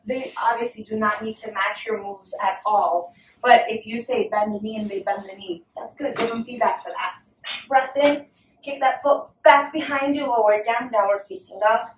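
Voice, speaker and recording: Female yoga instructor, gentle encouraging cues, slightly high voice, recorded at a distance in an echoey home room. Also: slight background noise. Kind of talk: guided yoga class with a toddler.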